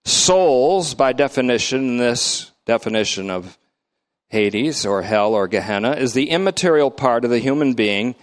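An older man teaches a Bible study at a deliberate pace, spelling out each term one word at a time. He speaks emphatically and leans hard on key words, with pitch that rises and falls. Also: expressive. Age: middle-aged or older. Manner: emphatic, defines terms slowly word by word. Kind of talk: lecture-style Bible study.

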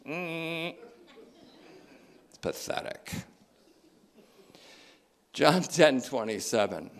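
A man preaching a sermon, reading and explaining scripture with emphatic stresses, slow deliberate phrasing and casual joking asides. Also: fairly low pitch. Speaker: pastor.

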